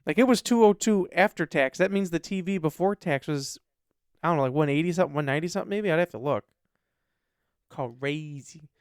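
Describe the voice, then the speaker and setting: A man co-hosting a casual podcast, telling stories in a fast, animated rush. His voice is smooth and slightly higher than average. It is recorded close and dry on a dynamic mic. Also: no room sound. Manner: animated storytelling. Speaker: podcast co-host. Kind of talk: casual chat. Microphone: dynamic podcast microphone.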